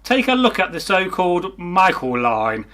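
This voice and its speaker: A man's voice: sits high, very animated, moderate pace, sharp tone. A man co-hosting a casual comment-reading chat, with a dry, mocking sense of humour. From England. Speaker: co-host.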